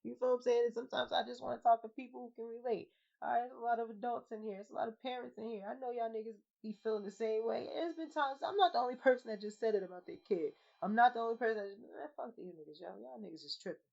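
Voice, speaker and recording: A woman co-hosting a podcast in casual chat, loud and animated, swearing and acting out quotes. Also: fairly high pitch, rapid-fire, gravelly. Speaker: podcast co-host. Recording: dull lo-fi podcast audio.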